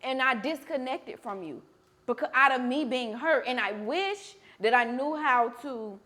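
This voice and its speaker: A woman's voice: high-pitched, animated, a little slow, fairly bright tone. A young woman hosting a candid conversation over a meal, talking bluntly and emotionally with frequent swearing. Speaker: podcast host.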